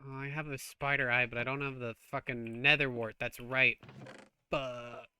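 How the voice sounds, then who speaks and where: A man's voice: medium pitch, level tone, normal speed, bright, forceful tone, clear, resonant tone. A man streaming a game, chatting casually while he plays, joking and swearing freely. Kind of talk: casual gameplay chat.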